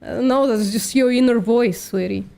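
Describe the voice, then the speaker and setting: A woman's voice: on the high side, normal speed, creaky, warm tone. A woman hosting a live stream, debating bluntly and swearing, calling people sweetie. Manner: blunt, argumentative, swears, calls others sweetie. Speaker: streamer, vegan activist.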